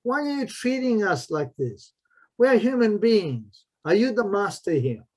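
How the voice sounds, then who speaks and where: A man's voice: sits high, very animated, measured pace, voice pushed up, full character voice. A man voicing an indignant young boy who protests with pointed questions.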